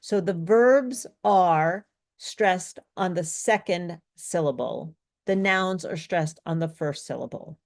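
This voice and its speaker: A woman's voice: on the low side, slow pace. A woman teaching a live pronunciation lesson, explaining step by step and correcting herself as she thinks aloud. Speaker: speech coach.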